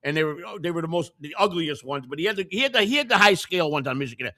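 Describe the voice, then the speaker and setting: A man's voice: on the high side, racing. A man hosting a casual conversation, talking emphatically and telling stories from his old neighborhood. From Chicago. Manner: emphatic, animated storytelling.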